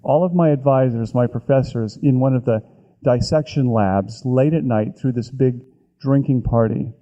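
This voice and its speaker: A man in his sixties with a very dark, mellow voice tells a story to an audience. He talks in a relaxed, conversational way and slows down for dramatic effect. His pitch is mid-range. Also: dull audio. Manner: vivid, conversational storytelling with dramatic slow-downs. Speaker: author speaking at an event. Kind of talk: storytelling talk.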